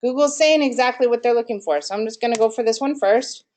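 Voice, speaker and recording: Fairly high-voiced woman running a marketing workshop, peppy, keeps throwing questions at the crowd. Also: quick pace. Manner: energetic, quizzes the audience. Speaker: marketing presenter. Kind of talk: live workshop presentation.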